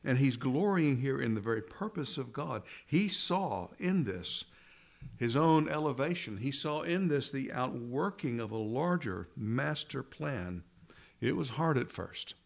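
A man's voice: medium pitch, animated, unhurried, gravelly. A man preaching a sermon in an earnest way, asking rhetorical questions and repeating phrases for emphasis.

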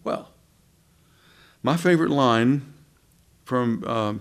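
Gravelly-voiced man preaching a sermon. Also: medium pitch, slow. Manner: conversational, with asides and rhetorical questions.

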